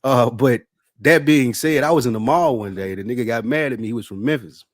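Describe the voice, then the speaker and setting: A man co-hosting a podcast in casual chat, telling stories with animated, indignant outbursts. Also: brisk, dry recording, clean studio sound. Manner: animated storyteller, jumps high when indignant. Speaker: podcast co-host.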